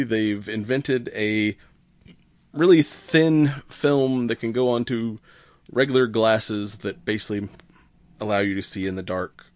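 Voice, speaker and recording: A man with a lowish voice talks through science news on a casual podcast. He explains things at an easy, unhurried pace, breaking off with fillers and chuckles. The sound is dry and close to the mic. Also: no room sound. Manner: relaxed, laughs often, fillers while explaining. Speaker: podcast co-host.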